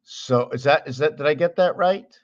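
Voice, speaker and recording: A man's voice: a little high, normal speed, dull audio. A man explaining number patterns in a rambling way, thinking aloud, counting and correcting himself as he goes. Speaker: video host.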